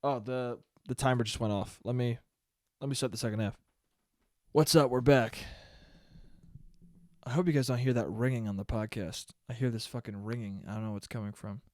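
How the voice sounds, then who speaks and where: A man's voice: medium pitch, steady tone, moderate pace, pauses often, darkish tone, dry recording, clean studio sound. A young man hosting a casual solo podcast, rambling in a profane, jokey way. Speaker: podcast host.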